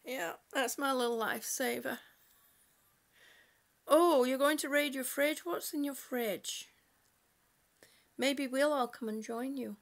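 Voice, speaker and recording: Woman livestreamer, high voice, unhurried, chatty, reads out comments, laughs a lot, at home. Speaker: livestreamer reading viewer chat. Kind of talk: casual livestream chat. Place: at home indoors.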